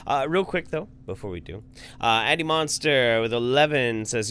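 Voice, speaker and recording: A man's voice: mid-range voice, animated, moderate pace, a bit bright, clear, resonant tone. A man co-hosting a podcast, chatting casually and swearing freely as he acts out the voices in a story. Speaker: podcast co-host.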